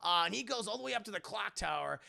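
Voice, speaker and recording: Young male streamer, animated, high and gravelly voice, swears a lot. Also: fast talker. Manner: animated, profane, acts out scenes in voices. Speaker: streamer and film reviewer. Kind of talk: casual chat.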